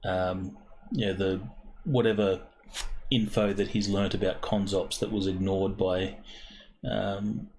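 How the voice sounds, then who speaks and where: A man narrating as game master in a tabletop game, deliberate and full of ums. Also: deep voice, flat delivery, a little mellow, poor audio.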